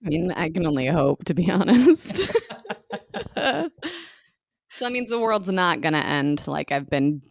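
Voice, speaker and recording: Low-voiced American woman, chatty. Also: very animated, measured pace, creaky, long pauses, no room sound, studio quality. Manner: chatty, lots of "like", swearing freely. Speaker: podcast co-host. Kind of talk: casual chat.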